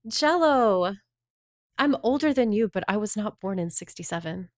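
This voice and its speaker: A woman's voice: medium pitch, fairly quick, no room sound, studio quality. Playful streamer woman chatting with viewers. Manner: playful, animated, swears casually. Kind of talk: casual chat with live chat.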